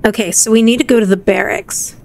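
A woman's voice: mid-range voice, fairly even intonation, a little fast, gravelly, a little mellow. A woman hosting gameplay commentary, chatty and theatrical with a self-mocking streak. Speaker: gaming channel host.

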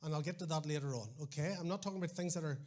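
Northern Irish man, middle-aged preacher, high-pitched voice, animated storytelling, wry asides, frequent restarts. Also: rapid-fire. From Northern Ireland. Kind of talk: sermon.

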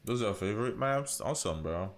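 A man's voice: on the low side, animated, quick pace. A man streaming a hunting game live, chatting casually with viewers and calling them bro. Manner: laid-back, calls viewers bro. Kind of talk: live-stream gaming chat.

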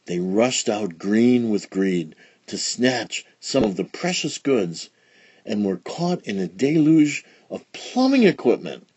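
A man reading a children's storybook aloud with expressive, dramatic storytelling. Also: lowish voice, slow, husky, dry recording, muffled recording. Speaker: storybook reader. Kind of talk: children's read-along narration.

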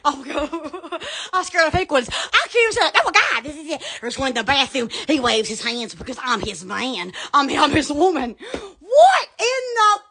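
A woman's voice: high-pitched, very animated, normal speed, a bit bright. A woman hosting an Instagram live from home on her phone, chatting in a rambling, giggly, exclamatory way. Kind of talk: rambling live-stream chat.

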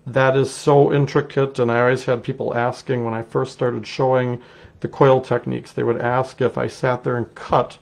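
A middle-aged man with a Wisconsin accent walks through a clay project step by step. His voice has a gravelly edge, and he talks in a relaxed, chatty way as he works. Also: medium pitch, normal speed. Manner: relaxed, chatty, explains while working. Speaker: clay artist teaching a technique. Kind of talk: casual live demonstration.

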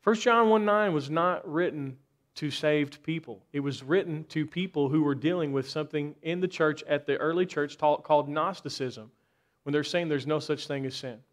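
A man's voice: on the high side, normal speed. Man preaching with rhetorical questions. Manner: rhetorical questions, rising intensity in bursts. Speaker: pastor. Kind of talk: sermon. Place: church.

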